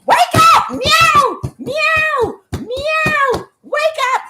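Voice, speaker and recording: A woman voicing her small female house cat, shouting shrill, frantic meows and wake-up calls. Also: animated, extremely slow, very noisy, full character voice.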